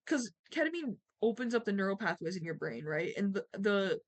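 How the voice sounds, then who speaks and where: Young female streamer, chatty storyteller, mid-pitched, candid, filler-heavy. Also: lively intonation, a little fast, hardly any pauses. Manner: chatty and candid, many "like" fillers, acts out quotes in a higher voice. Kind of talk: casual storytelling to stream chat.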